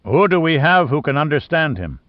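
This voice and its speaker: A man voicing a gruff, blustery male naval captain who roars and growls his orders, in a storybook reading. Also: on the high side, very animated, a little fast, no room sound, muffled recording, voice pushed up. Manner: roaring, growling, curt.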